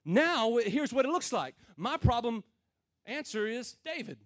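A man preaching to a room of men in a notably high voice. He talks plain and folksy, swinging from loud, emphatic calls down to quiet, low murmurs. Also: sing-song, a little slow. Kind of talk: sermon to a men's gathering.

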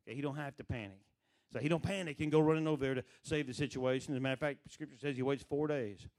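A man's voice: medium pitch, fast, a little mellow. A man preaching a sermon in a conversational way, asking the congregation questions and acting out the voices he quotes.

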